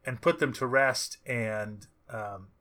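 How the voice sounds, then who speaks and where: Man, bright and crisp, eager podcast co-host. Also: mid-range voice, takes it slowly. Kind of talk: casual podcast chat.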